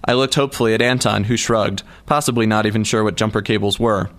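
A man's voice: fairly low pitch, fairly even intonation, quick pace, a bit bright. Man narrating a wry audiobook. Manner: wry, dry first-person storytelling.

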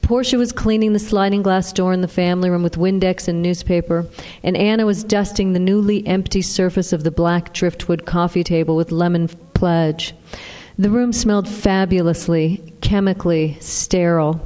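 Low-voiced woman reading an audiobook. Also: fairly even intonation, normal speed, dark tone. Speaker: narrator. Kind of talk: audiobook narration. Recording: long reverb.

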